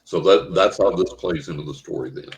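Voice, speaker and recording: A man's voice: low voice, fairly quick, poor audio. An older man telling a vivid personal story as a guest in an interview, acting out his own reactions.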